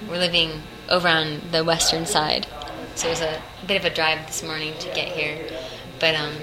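A woman's voice: sits low, little pitch movement, brisk. A young woman voice actress chatting in an interview, rambling and laughing often as she tells her story. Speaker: voice actress guest. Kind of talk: casual interview chat. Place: hotel room at a convention. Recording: noisy room ambience.

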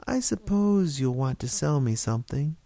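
A man voicing a kindly older mother who speaks politely and gently. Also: fairly high pitch, expressive, normal speed, vocal fry, no room sound, pitched above the performer's own voice.

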